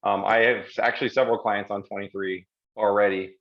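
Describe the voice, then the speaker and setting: A man co-hosting a live software Q&A show, chatting casually and rambling, with self-deprecating asides. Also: fairly low pitch, flat delivery, fairly quick. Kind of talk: casual conversational livestream chat. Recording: slightly dull lo-fi stream audio.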